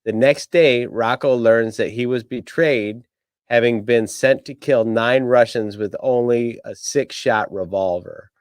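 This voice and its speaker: A man co-hosting a podcast in a loose, profane chat, recapping a movie between jokes. His voice sits at a middle pitch. It is recorded on a dry, close mic with no room sound. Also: a little slow, dry recording. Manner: profane, joking, recaps plots. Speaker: podcast co-host. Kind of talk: casual chat.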